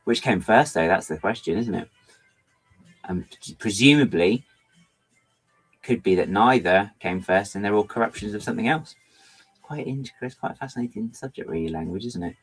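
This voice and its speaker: A man's voice: fairly low pitch, lively intonation, a little fast, husky, soft background music, rough recording. A middle-aged man chatting casually while he builds with LEGO on a livestream, rambling and often stopping himself to apologise. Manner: rambling, self-interrupting, apologetic.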